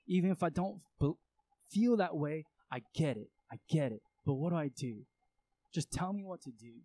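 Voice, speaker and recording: A man's voice: a little high, lively intonation, normal speed, dark tone, no echo, low-quality recording. A man preaching a sermon, speaking earnestly and acting out prayers and indignant reactions to make his point. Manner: earnest, acts out prayers and reactions with rising intensity. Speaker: pastor.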